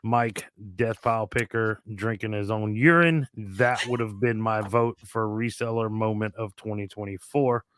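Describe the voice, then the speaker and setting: A man's voice: on the low side, steady tone, measured pace, hardly any pauses, fairly bright tone, clear, resonant tone, no room sound. A man co-hosting a casual podcast, joking with laid-back banter. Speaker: podcast co-host.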